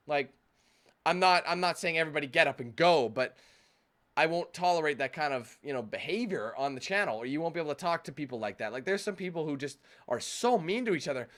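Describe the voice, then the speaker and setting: A man's voice: fairly high pitch, expressive, fast talker, fairly bright tone. A young man hosting a gaming channel, ranting casually to his viewers with many restarts, acting out their voices in exaggerated tones. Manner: rambling with many restarts and "you know what I mean". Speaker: YouTube gamer channel host. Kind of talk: casual rant to camera.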